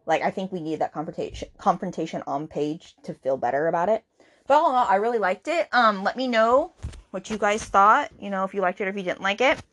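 A woman's voice: mid-range voice, animated, fairly quick, a bit bright. A woman hosting a book podcast, chatting casually as she retells a romance novel's plot with lots of fillers and quoted lines. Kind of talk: casual book review chat.

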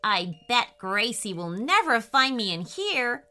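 A woman's voice: fairly high pitch, sing-song, slow, pushed and bright, faint music behind, heavily acted. A woman voicing a curious, cheeky young boy in a children's storybook, talking eagerly. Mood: sneaky. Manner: eager, giggly.

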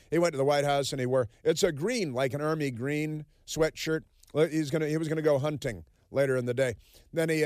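A man's voice: a little high, a little mellow, dry recording, clean studio sound. Sarcastic rambling male radio host. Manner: sarcastic, rambling, with many fillers and asides. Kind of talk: opinion talk radio monologue.

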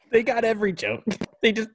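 A man's voice: extremely high pitch, husky, no room sound. Swearing male comedian telling stories. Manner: rambling storytelling, swears often. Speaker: podcast host and comedian. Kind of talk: casual podcast chat.

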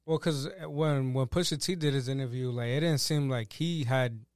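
A man co-hosting a casual podcast, easygoing and conversational. His voice is smooth and the sound is dry and close. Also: mid-range voice, normal speed, darkish tone, no echo.

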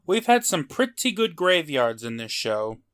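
A man's voice: on the high side, very animated, a little slow, fairly bright tone. A man co-hosting a podcast, chatting casually with wry, mocking jokes and frequent laughs. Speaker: podcast co-host. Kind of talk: casual chat.

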